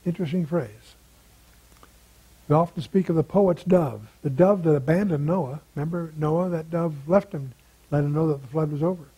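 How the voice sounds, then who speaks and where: An older male Bible teacher with a husky, mellow voice, pitched a little high for a man. He works through the text verse by verse in a relaxed, conversational way, posing questions and answering them himself. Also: brisk, highs cut off. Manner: conversational, asks rhetorical questions.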